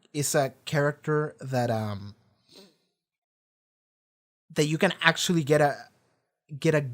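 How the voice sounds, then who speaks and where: A man hosting his own channel, talking casually with rambling, animated delivery and casual swearing. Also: mid-range voice. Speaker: reaction channel host. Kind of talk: casual discussion.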